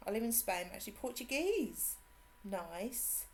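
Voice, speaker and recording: An English woman whose accent blends Suffolk, Cockney and a Brummie twang. She chats in a bubbly way with her viewers while streaming a game. She greets people warmly by name and laughs often. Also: mid-range voice, sing-song, unhurried. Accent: English, mixed Suffolk, Cockney and Brummie. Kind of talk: casual live-stream chat.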